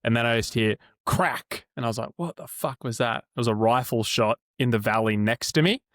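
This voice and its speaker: On a podcast, an Australian man in his twenties or thirties tells a wandering, lively story, easygoing and cursing freely as he chats. His medium-pitched voice moves briskly, and the clean studio sound has no echo.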